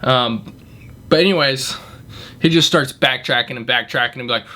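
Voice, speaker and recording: A man's voice: medium pitch, normal speed, pushed and bright. Indignant young man telling a story. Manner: indignant, blunt, swears freely. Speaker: restaurant manager. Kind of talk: casual storytelling.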